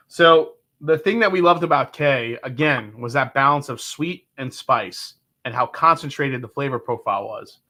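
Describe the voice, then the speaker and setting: Man, middle-aged, livestream host, casual chat, enthusiastic, rambling, bright forceful tone. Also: medium pitch. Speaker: livestream whiskey reviewer.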